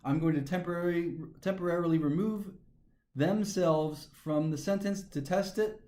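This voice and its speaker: A man's voice: high voice, moderate pace, warm tone. A man teaching a grammar lesson, methodically talking through each step aloud. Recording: echoey room.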